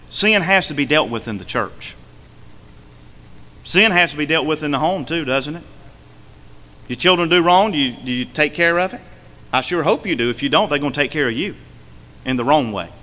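A male pastor preaching a sermon from the pulpit, swinging between emphatic and hushed delivery. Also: fairly high pitch, in a large hall. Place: church sanctuary.

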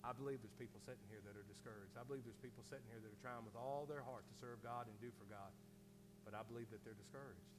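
A man preaching to a congregation as a lay preacher, folksy in speech, swinging from shouted fervor to hushed, earnest pleading. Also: medium pitch, fast. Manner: folksy, says ain't and indeedy. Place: church sanctuary. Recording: long hall reverb, faint hum.

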